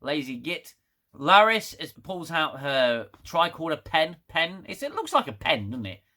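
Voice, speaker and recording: A man's voice: fairly high pitch, big pitch swings, a little slow. A man reviewing a TV episode in a casual, sarcastic, exasperated rant. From United Kingdom. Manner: sarcastic, exasperated, laughs loudly. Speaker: TV show reviewer.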